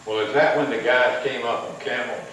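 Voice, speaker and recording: A man's voice: mid-range voice, fairly even intonation, fairly quick, a bit bright. A man interviews a veteran, prompting with short questions. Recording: echoey room, distant mic, faint noise.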